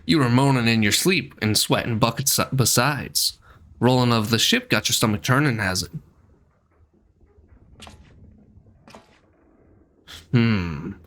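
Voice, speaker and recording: A man voicing a chatty sailing merchant in a rough folksy accent he admits he is not good at. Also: lowish voice, normal speed, fairly bright tone, close to an everyday voice. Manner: homely, colloquial, slightly clumsy put-on accent.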